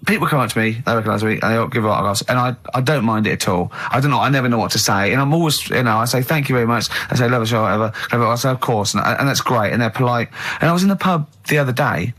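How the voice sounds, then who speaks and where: An English man hosting a radio show, telling lively anecdotes and teasing his co-hosts in casual studio banter. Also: medium pitch, racing, hardly any pauses. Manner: animated storyteller, mimics people in his stories, laughs often. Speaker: radio host.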